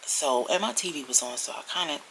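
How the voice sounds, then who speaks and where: Gravelly, bright-voiced woman vlogging. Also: sits low, fairly quick, slight background noise, rough recording. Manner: chatty, animated, drifting into whispers. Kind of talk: casual storytelling chat. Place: at home indoors.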